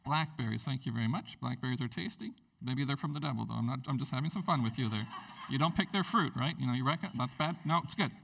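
A tired man preaching a sermon in an animated, rambling way, jumping up in pitch to stress his points. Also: quick pace, creaky, far from the mic, poor audio. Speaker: pastor.

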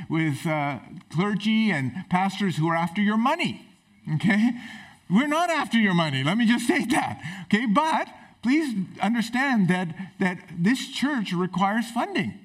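A man preaching a sermon in a church, emphatic and exclamatory. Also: high voice. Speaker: pastor. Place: church sanctuary.

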